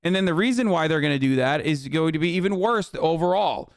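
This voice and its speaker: A man with a smooth, clean voice pitched a little above the usual for men, ranting heatedly on a live stream. He swears freely and turns sarcastic as he tears into what he hears. The sound is dry and close, with no room around it. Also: animated, fairly quick, no echo. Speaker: streamer reacting to news. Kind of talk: live-stream reaction rant.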